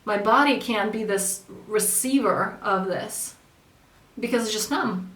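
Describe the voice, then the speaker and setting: A woman's voice: mid-range voice, unhurried, fairly bright tone. A woman coaching in an earnest, conversational way, sometimes acting out the voices of people she quotes. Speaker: spiritual coach. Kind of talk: casual spoken coaching talk. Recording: echoey room, mic at a distance.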